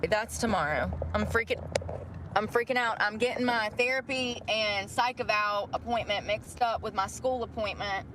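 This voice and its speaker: A woman livestreaming from her car, venting bluntly and swearing in a rambling way. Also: mid-range voice. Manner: blunt, profane, fast venting. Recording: noisy car livestream on a phone. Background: car and road noise.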